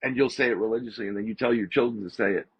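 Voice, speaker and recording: A man, a podcast guest, telling a story in a casual, animated way and repeating phrases for emphasis. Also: lowish voice, racing, husky, no room sound. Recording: slightly dull lo-fi audio.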